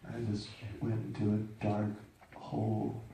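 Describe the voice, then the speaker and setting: A man's voice: on the low side, completely flat delivery, unhurried, vocal fry, warm tone, recorded from a distance, slight background noise. Man storyteller, rambling and self-mocking, heard from off-mic in a very echoey room. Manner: rambling, self-deprecating, with many restarts. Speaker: storyteller speaking to an audience. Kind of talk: personal storytelling to a live audience.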